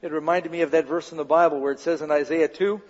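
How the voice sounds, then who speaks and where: Pastor preaching a dramatic sermon, lo-fi. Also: male voice, a little high, fairly even intonation, fast talker, darkish tone, big-room sound. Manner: dramatic storytelling with rhetorical questions.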